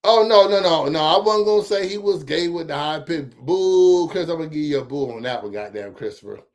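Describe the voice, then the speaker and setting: A man hosting casual political commentary, talking straight to his viewers in an animated, profane, chatty way. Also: fairly high pitch, fast talker. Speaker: host of a local commentary stream.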